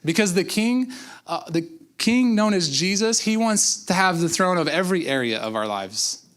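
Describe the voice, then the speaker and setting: A man's voice: high voice, animated, normal speed, fairly bright tone. A man pastor giving a conversational sermon, acting out quotes and repeating words for emphasis. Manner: conversational preaching with acted-out quotes and repetitions.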